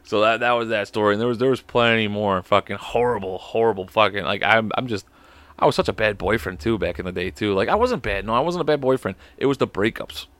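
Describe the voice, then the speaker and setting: A man's voice: fairly low pitch, fast talker, a bit bright, no echo. A young man with a Chicago accent telling a breakup story on a podcast, profane and rambling, laughing often. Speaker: podcast co-host. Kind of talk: casual storytelling.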